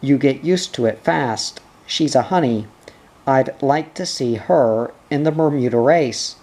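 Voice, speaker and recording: A man's voice: medium pitch, unhurried, a little mellow. A man reading the part of an eager young lad who loves sailing.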